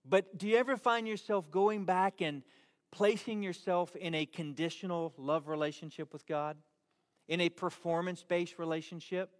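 A pastor delivers a sermon with an earnest, emphatic push, circling back on his words as he builds each point. His voice sits high for a man. The sound rings with the long reverb of a large hall. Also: moderate pace. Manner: earnest, emphatic preaching with repeated words and restarts. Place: church hall.

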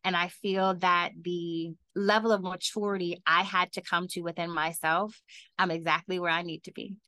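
A woman author answering podcast interview questions, talking animatedly and laughing often, her voice leaping up when she gets excited. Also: lowish voice, normal speed, no echo. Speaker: author and guest.

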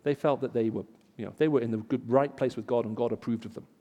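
A man with an English accent, raised in the Middle East, preaching a sermon in an auditorium and telling stories, rising loud for emphasis. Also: medium pitch, fairly even intonation, fast, in a large hall. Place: large auditorium.

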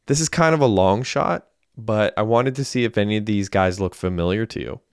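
A man's voice: fairly low pitch, fairly quick, clean tone, dry recording, clean studio sound, lightly acted. A man voicing a composed, polite female police officer.

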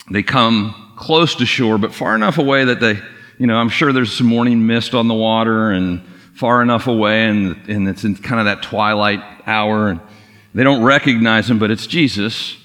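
A man preaching a relaxed, conversational sermon, telling the story as if chatting with friends. His voice is bright and forceful. The long reverb of a big church hall trails after each phrase. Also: on the low side, normal speed. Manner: casual storytelling with lively acted quotes. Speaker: pastor. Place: church sanctuary.

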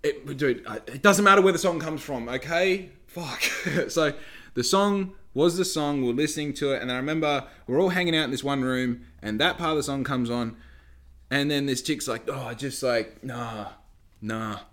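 A man's voice: a little high, normal speed, a bit bright. A young Australian man telling a rambling story in casual talk, swearing often and firing off rhetorical questions.

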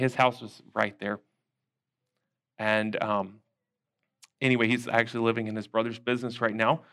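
A man's voice: mid-range voice, bright, forceful tone. A man teaching a Sunday school class, telling a personal story in an earnest, conversational way with frequent restarts. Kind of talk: storytelling church lesson. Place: church classroom.

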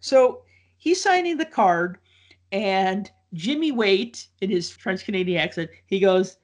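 A man's voice: sits high, very animated, unhurried. A man telling a long casual story, full of likes, ums and restarts. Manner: rambling, filler-heavy with many likes and ums.

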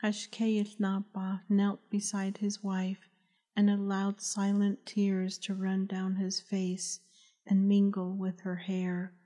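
A woman reads her own novel aloud in a mid-range voice, giving calm, measured audiobook narration.

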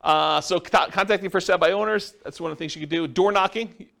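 A man's voice: high voice, fast, gravelly, fairly bright tone. A middle-aged man giving a casual, rambling classroom lecture on real estate investing to a live audience. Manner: casual, rambling, self-described introvert. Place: meeting room with a live audience.

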